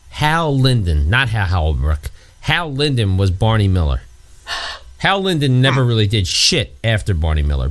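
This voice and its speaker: A man co-hosting a casual chat, rambling through stories, swearing freely and acting out scenes. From New York area. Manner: rambling storyteller, swears, acts out scenes in high put-on voices. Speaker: podcast co-host.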